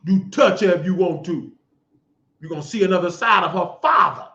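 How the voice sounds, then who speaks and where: Talk host, middle-aged man, preachy mocking rant, sharp high voice. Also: normal speed. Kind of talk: ranting monologue. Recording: echoey lo-fi room sound.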